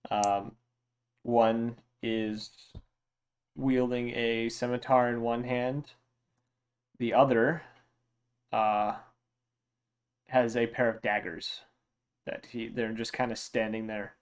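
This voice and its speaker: Smooth-voiced man running a tabletop game. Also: mid-range voice, level tone. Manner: halting, filler-heavy narration. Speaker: game master.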